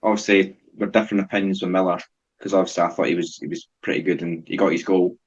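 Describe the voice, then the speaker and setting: Young man, deep husky voice. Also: steady tone, fast, lo-fi sound. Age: young adult. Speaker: guest co-host. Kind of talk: casual football podcast chat.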